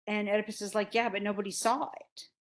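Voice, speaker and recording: A woman teaching literature in a loose, conversational lecture. She slips in and out of the characters' voices as she retells the story. Her pitch sits at an ordinary middle level for a woman. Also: flat delivery, quick pace. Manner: casual, acts out characters' lines in paraphrase. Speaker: literature instructor. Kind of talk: recorded lecture retelling a play.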